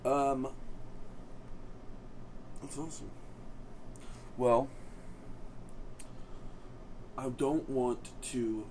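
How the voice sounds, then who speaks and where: A man hosting a loose podcast interview asks short questions and slips in dry, teasing jokes. His pitch is ordinary for a man. A faint hiss sits under the recording. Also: fairly even intonation, drawn-out words, pauses often, darkish tone, rough recording. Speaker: podcast host. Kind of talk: casual interview chat.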